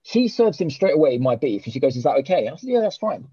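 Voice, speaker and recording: A man, hosting a podcast and telling a long story in animated, sweary casual chat. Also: fairly high pitch, fast, slightly rough, dry recording, highs cut off. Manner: animated, swears a lot, with many restarts and reported speech. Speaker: podcast host.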